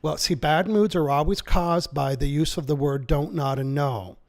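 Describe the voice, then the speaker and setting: A man with a somewhat high, gravelly voice, talking as an author and seminar trainer. He explains his ideas energetically and persuasively. He slips into little acted-out quotes along the way. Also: normal speed, a little mellow. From Canada. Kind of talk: enthusiastic interview explanation.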